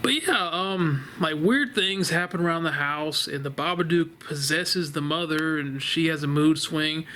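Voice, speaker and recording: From his living room couch, a vlogger reviews a horror film in a fairly high, sharp voice, a little slow yet barely pausing. His take is casual and rambling, full of laughter and blunt profanity, with a little hiss or hum in the background.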